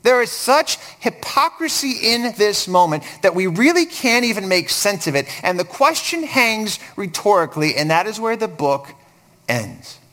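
Animated high-voiced male preacher. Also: moderate pace. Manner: animated biblical storytelling. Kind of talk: sermon.

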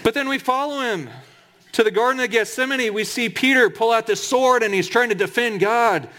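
A man's voice: very high-pitched, moderate pace, pushed and bright. A man preaching a sermon in a conversational, humorous way, with emphatic asides.

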